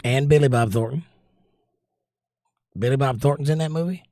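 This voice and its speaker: A casual Southern American livestreamer reads comments from his audience and responds with confident opinions, strongly recommending movies. His voice is middle-pitched and a little mellow, moving at a moderate pace, and the audio is dry and close without room echo.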